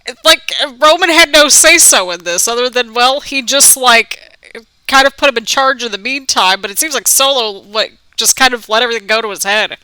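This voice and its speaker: A woman giving casual, excitable reaction commentary as a vlogger, gasping and crying out at big moments. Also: sits high, moderate pace, smooth, no echo, poor audio.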